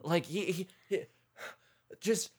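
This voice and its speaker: A woman's voice: fairly low pitch, takes it slowly, darkish tone, breathy edge. A woman chatting casually about a film as a podcast co-host, rambling with many fillers and restarts. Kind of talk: casual movie chat.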